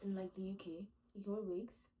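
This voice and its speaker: A woman's voice: mid-range voice, level tone, brisk, warm tone, a little hiss or hum. A young woman joining a casual chat with her cousin, teasing and asking questions. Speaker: guest cousin.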